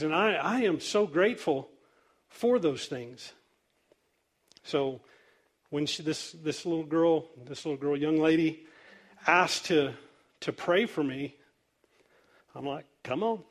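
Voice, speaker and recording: A man preaching a sermon as pastor, telling stories in a loose, conversational way with easy laughter. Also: a little high. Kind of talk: sermon storytelling.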